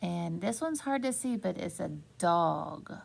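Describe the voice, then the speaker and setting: A woman teaching young children a phonics lesson, slow and encouraging, stretching out words. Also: lowish voice, expressive, gravelly.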